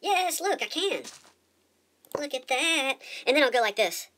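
A woman's voice: high voice, animated, a little slow, fairly bright tone, a little hiss or hum. A woman giving casual let's-play commentary as she plays, chatty and rambling, often repeating her words. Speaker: gamer.

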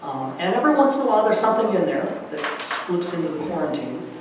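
A middle-aged man giving a lively workshop lecture to faculty, varying his loudness for emphasis, with many fillers. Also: sits high, quick pace, noisy background. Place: large lecture room. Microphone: distant room mic. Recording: very echoey hall from far off.

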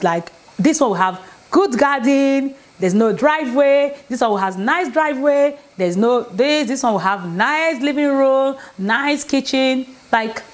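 A woman, talking casually to camera at home, chatty and emphatic, repeating her points and checking in with "okay?". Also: a little high. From Nigeria. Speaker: vlogger. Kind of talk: casual relationship advice talk. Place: home, indoors.

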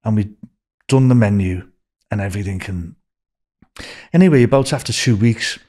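An older man with a Liverpool accent, telling a rambling story as a podcast guest and raising his pitch for quoted voices. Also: moderate pace, mellow. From Liverpool, England.

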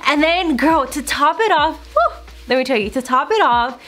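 A young woman with a fairly high voice chats while doing her makeup for her own channel. She is animated and casual, filling her talk with "like" and "girl" and acting out what people said. She sounds close to the camera mic, at home. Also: normal speed. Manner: animated, lots of "like" and "girl", acts out quotes. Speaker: beauty vlogger. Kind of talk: chatty get-ready-with-me storytelling.

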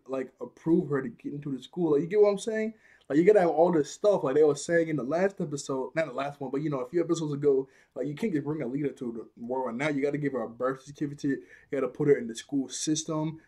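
A man's voice: a little high, slightly rough. Laughing young man recapping a cartoon. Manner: animated, slangy, laughs often while retelling scenes. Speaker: cartoon episode reviewer. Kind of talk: casual recap and commentary.

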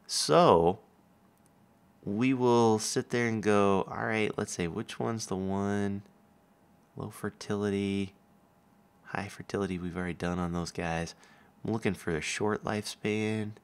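A man's voice: low-pitched, clean tone. A man casually explaining his gameplay setup and joking with a co-player. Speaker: gaming video host.

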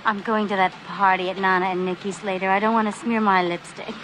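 A woman's voice: medium pitch, fairly even intonation, fairly quick, a bit bright, close to an everyday voice, poor audio. A woman voicing a vain young mare who gushes over her love yet refuses a kiss. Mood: gushing. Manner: affected and gushing. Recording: hissy home recording.

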